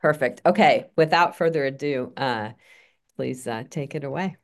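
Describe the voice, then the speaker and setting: A woman moderates an online session and introduces the guest speaker. Her voice sits very low for a woman. She talks in halting, hesitant phrases. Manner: halting, filler-heavy phrasing.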